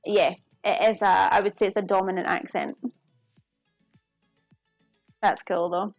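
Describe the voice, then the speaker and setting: A woman with a creaky, mid-range voice and little pitch movement speaks unhurriedly to viewers as she cooks on a live stream at home. Soft background music plays, with no echo.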